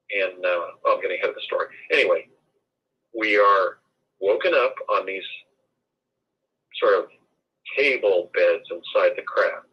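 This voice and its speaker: Husky-voiced man in his 60s, lo-fi line. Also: on the low side. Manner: rambling, digressive storyteller. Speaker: guest. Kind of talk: long-form interview storytelling.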